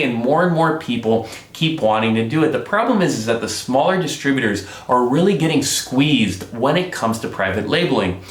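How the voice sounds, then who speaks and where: Upbeat man with a lively voice. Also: medium pitch, normal speed, hardly any pauses, echoey room. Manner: upbeat, often addresses viewers as guys. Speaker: business vlogger. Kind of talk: casual explainer vlog. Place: home studio.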